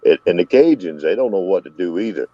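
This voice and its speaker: A man's voice: low voice, animated, fast, dry recording. A man with a Southern US accent hosting a casual live-stream chat, telling rambling stories. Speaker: host. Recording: dull lo-fi dry sound.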